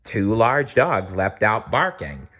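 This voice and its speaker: A man reading a children's storybook aloud, gently and with small restarts. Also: lowish voice, big pitch swings, slow pace.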